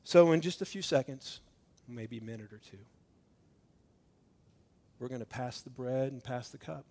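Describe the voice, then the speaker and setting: A middle-aged male pastor giving a communion sermon, swinging from loud, emphatic preaching to hushed, intimate tones and acting out dialogue as he tells a story. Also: mid-range voice, moderate pace.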